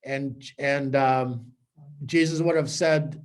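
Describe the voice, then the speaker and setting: A man, a priest, giving a conversational teaching talk to a small group with animated storytelling. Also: on the high side, fairly quick.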